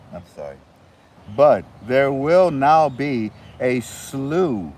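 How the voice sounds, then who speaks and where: A man's voice: mid-range voice, darkish tone, a little hiss or hum. Rambling man talking outdoors. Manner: rambling, restarts, chats to chickens. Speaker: channel host. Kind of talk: casual monologue to viewers. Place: outdoors with chickens.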